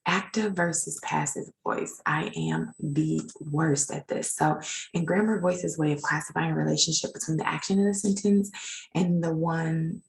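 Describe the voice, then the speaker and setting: A woman's voice: low voice, fairly even intonation, normal speed, creaky, low-quality recording. A woman teaching legal writing in an informal recorded lecture, chatty and self-deprecating as she edits her slides.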